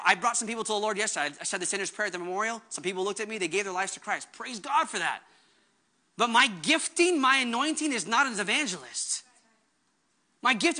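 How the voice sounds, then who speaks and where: High, bright-voiced impassioned male pastor. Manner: earnest, impassioned preaching with quick asides. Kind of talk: sermon.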